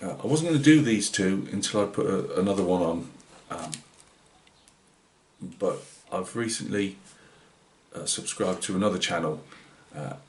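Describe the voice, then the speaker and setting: A man's voice: low voice, normal speed, slight background noise. A British man with a Northeast English accent, hosting a scale-modelling channel in casual, rambling vlog chat full of fillers and restarts. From Britain. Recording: roomy echoey room.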